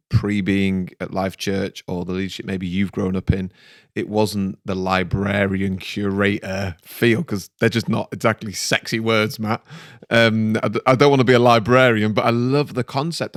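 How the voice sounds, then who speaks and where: A man's voice: fairly low pitch, dry recording, studio quality. A man hosting an interview, affirming his guest and asking follow-up questions. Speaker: interview host. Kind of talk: conversational interview.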